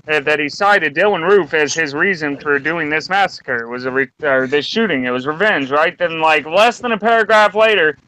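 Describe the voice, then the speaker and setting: A man's voice: a little high, bright, forceful tone, poor audio. An angry man ranting and swearing heavily as a co-host in a round table discussion. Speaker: podcast co-host.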